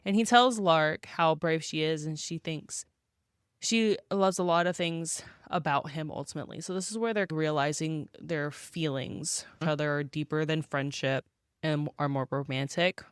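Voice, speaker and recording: A woman co-hosting a book podcast, recapping plot points in a relaxed, conversational way and laughing often. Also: deep voice, normal speed, smooth, no echo, studio quality. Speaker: podcast co-host. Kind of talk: casual book discussion.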